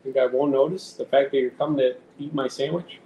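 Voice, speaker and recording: A man's voice: medium pitch, fairly even intonation, fairly quick, warm tone, highs cut off. Casual man teasing his cat. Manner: teasing, talks baby-talk to his cat. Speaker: live streamer. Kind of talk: casual stream chat. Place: at home with a cat. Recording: echoey room, faint background noise.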